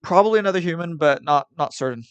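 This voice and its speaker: Smooth-voiced hesitant man chatting. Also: on the high side, fast, no echo, lo-fi sound. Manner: hesitant, repeats words, laughs off requests. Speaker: stream guest. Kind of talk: casual chat.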